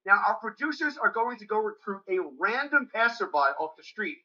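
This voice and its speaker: A man in energetic prank show banter, laughing and giving directions, in slightly muffled TV audio. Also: sits high, brisk.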